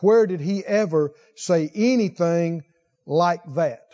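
A man with a dark-toned voice preaches a sermon on a muffled recording. Speaking slowly, he reads scripture and puts questions to his congregation, his pitch rising whenever he stresses a point.

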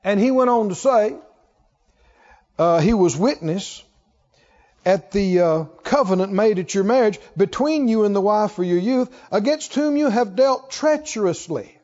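A man preaching a sermon as pastor, slow and emphatic, leading his congregation in call-and-response. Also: sits high, animated, a little mellow, big-room sound, muffled recording. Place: church sanctuary.

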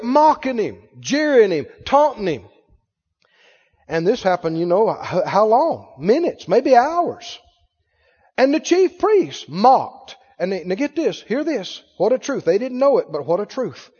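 High-pitched preacher guy, voice swooping all over, fervent call and response, long church echo. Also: very animated, normal speed, darkish tone, breathy edge, lo-fi sound. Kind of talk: sermon.

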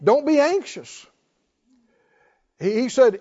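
Preacher guy with a real high voice, goes up and down a lot, asks the crowd questions, dull lo-fi sound. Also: very animated, a little slow, a little mellow. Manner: call-and-response, rhetorical questions, joking asides. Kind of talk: sermon. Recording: dull lo-fi sermon recording.

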